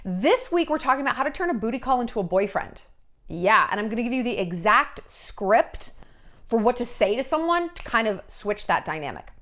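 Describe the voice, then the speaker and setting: A woman's voice: fairly high pitch, sing-song, fairly quick, fairly bright tone. A woman in her thirties hosting a celebrity gossip vlog, sarcastic, brash and profane. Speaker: vlogger host.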